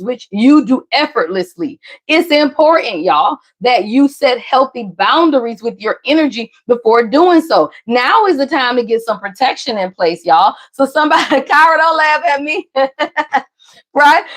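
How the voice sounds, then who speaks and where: A woman doing a casual tarot reading for viewers, talking emphatically and often calling out "somebody" and "y'all". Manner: emphatic, repeats "somebody" and "y'all", jumps in pitch. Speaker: tarot reader.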